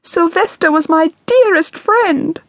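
A woman's voice: mid-range voice, big pitch swings, moderate pace, no room sound, clean studio sound, pitched above the performer's own voice. A woman voicing a stocky, bossy, argumentative older mother. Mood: imploring. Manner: scolding, dismissive.

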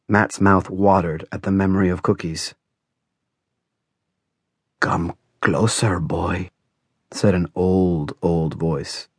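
A man reading a novel aloud as audiobook narrator, in a measured, dramatic style. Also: low-pitched, no echo, studio quality. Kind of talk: scripted narration.

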